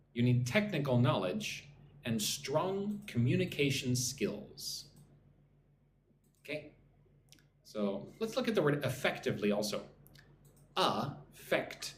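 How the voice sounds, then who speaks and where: A man teaching English on a live stream, drilling phrases slowly and greeting viewers from the chat, a little sleepy. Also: medium pitch, very animated. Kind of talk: live-streamed pronunciation lesson. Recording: echoey room with faint background noise.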